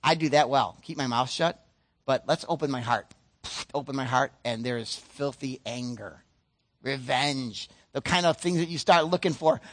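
A man preaching a sermon as pastor, earnest and emphatic, slowing down to stress key points and acting out other people's voices. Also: mid-range voice, a bit bright. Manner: acts out other people's voices mid-sentence.

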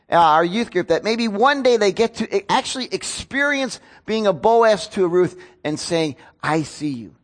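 A pastor with a high, slightly bright voice preaches a sermon, telling it as an earnest story whose emotion keeps rising.

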